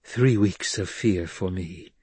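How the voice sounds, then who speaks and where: Guy doing a tired bitter mom, husky voice, dry sound. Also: deep voice, takes it slowly, a little mellow, no room sound, exaggerated voice. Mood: weary. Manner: weary and bitter. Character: weary, sharp-tongued middle-aged mother.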